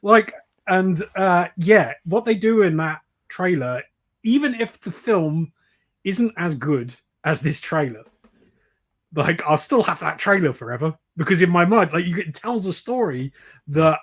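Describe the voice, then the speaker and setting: A man on a video call, telling a story in an animated way on a geek news panel. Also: high-pitched, measured pace. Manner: animated, laughs while telling stories. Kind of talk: casual chat.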